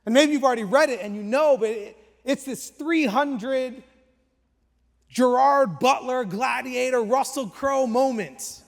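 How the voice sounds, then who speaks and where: A man in his thirties, a pastor, giving a sermon in lively storytelling, sometimes dropping to hushed asides. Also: extremely high pitch. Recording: long hall reverb.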